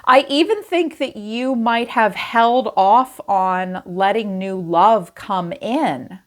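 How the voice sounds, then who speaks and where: A woman's voice: mid-range voice, takes it slowly. A woman giving a casual tarot reading to camera, chatty and frank, who swears and laughs easily. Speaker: tarot reader.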